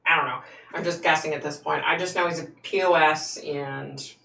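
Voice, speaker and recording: Host: low-voiced, gravelly woman chatting frankly with viewers, room echo, sits back from the mic. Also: steady tone, moderate pace, pushed and bright, distant mic, slight background noise. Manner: frank and chatty, laughs often. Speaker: psychic hosting a live stream. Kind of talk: casual live-stream chat answering viewer comments. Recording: echoey room, voice away from the mic.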